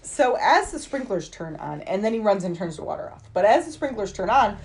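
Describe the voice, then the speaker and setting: A woman in her forties talks through a film plot for a podcast, loose and chatty, dropping curses as she voices the characters in quick asides. Her voice sits at an ordinary middle pitch. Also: very animated. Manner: swears freely, acts out lines in quick asides. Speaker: podcast host recapping a film. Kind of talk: casual chat, retelling scenes.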